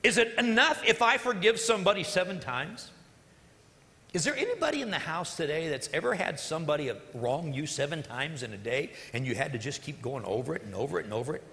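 A man preaching a sermon, retelling a parable with lively storytelling and joking asides to the congregation. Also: a little high, a little fast, long reverb tail. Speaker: pastor.

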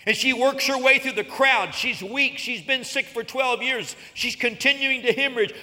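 A man preaching a sermon, retelling scripture stories with dramatic swells and sudden soft drops. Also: very high voice, moderate pace, big-room sound. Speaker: pastor.

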